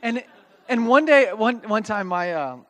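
A man with a notably high speaking voice delivers a casual, animated sermon. He reads scripture, then breaks it down in everyday language and often pauses to ask his listeners "okay?". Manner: reads scripture aloud, then explains it plainly. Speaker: pastor. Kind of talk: conversational sermon.

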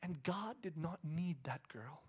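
A middle-aged man preaching a passionate sermon, often dropping into a hushed whisper. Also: a little high, lively intonation, slow, breathy edge. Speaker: pastor.

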